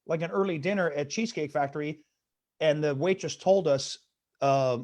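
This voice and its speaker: Comedian with a high voice doing a stand-up set over video call from his bedroom, quick one-liners, begs the room for laughs. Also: a little mellow. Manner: rapid one-liners, pleading with the audience after jokes.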